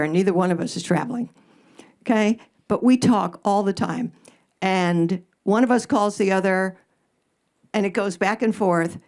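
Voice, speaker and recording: A woman's voice: lowish voice, darkish tone. Blunt, sarcastic woman advice host. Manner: blunt, sarcastic, swears casually, punchy jokes. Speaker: radio advice host answering audience questions. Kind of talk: live stage Q&A. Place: live event in front of an audience.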